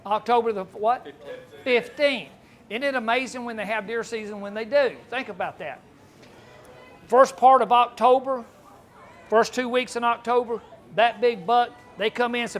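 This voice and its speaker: High-voiced man giving a seminar. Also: unhurried, a bit bright. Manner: folksy, asks the audience questions, jokes. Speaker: hunting seminar speaker. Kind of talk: folksy live seminar talk.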